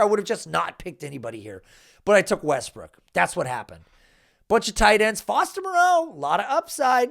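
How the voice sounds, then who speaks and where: Gravelly guy ranting about his draft picks, swears a lot, voice jumps way up when he's annoyed. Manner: animated, exasperated, swearing, jumps in pitch. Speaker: fantasy football analyst.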